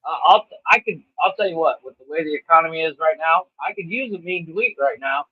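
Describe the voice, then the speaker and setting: A man's voice: fairly high pitch, brisk, husky. A man co-hosting a comedy podcast, trading sarcastic, agreeable banter. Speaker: podcast co-host. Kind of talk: casual comedy podcast chat. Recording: dull lo-fi mic.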